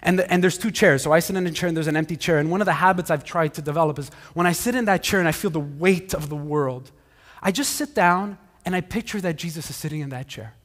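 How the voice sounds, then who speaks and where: A male pastor preaching a conversational sermon, animated, with frequent restarts. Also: a little high, quick pace. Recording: hall reverb.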